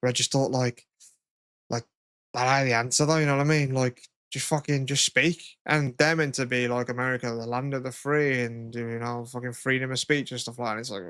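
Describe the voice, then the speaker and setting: A man's voice: mid-range voice, flat delivery, a little fast, a bit bright, smooth, no echo, clean studio sound. A young man, co-hosting a casual podcast chat, rambling and swearing a lot. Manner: rambling, sweary, lots of "you know what I mean". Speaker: podcast co-host.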